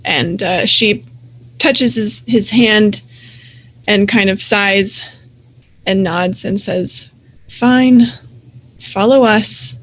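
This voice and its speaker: Slow, easygoing woman game master. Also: medium pitch, breathy edge. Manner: relaxed, descriptive, with fillers. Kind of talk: narrating a tabletop game.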